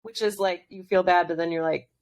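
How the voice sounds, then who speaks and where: Young mom host, agreeable and dry. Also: female voice, on the low side, steady tone, a little fast, a little mellow, dry recording. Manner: agreeable, many short affirmations and fillers. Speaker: podcast host. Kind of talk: casual interview chat.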